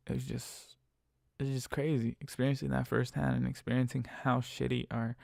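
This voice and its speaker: A man's voice: mid-range voice, gravelly, warm tone, dry recording, clean studio sound. A young man, a rideshare driver, telling stories in a blunt, profane, ranting podcast monologue.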